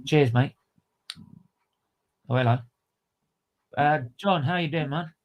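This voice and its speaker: A man's voice: on the high side, slow, a little hiss or hum. A man hosting a livestream, ranting about motorsport with repeated phrases, slang and swearing. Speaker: livestream host. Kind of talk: heated fan commentary on a livestream.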